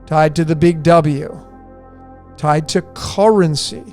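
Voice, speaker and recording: A man's voice: fairly high pitch, fairly even intonation, slow pace, a little mellow, soft background music. A man presenting a conspiracy-style decoding video, emphatic and repetitive, firing off rhetorical questions and answering them himself.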